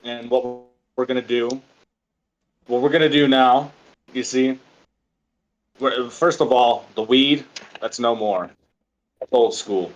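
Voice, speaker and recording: A man's voice: mid-range voice, takes it slowly, pauses often, muffled recording, lightly acted. A man putting on the voice of a smug male podcast host, announcing in a mock-grand, pompous way as a joke. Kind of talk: joking put-on show-host voice.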